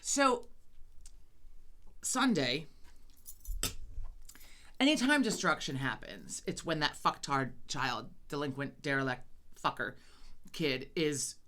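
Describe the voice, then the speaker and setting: Low-pitched, foul-mouthed woman chatting. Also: takes it slowly, pauses often. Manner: swears a lot, animated storytelling. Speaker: podcast co-host. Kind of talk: casual chat.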